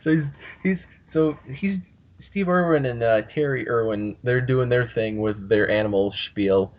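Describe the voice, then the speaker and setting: A man's voice: mid-range voice, moderate pace. A man hosting a casual podcast, rambling and swearing freely as he talks. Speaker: podcast host. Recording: muffled lo-fi audio.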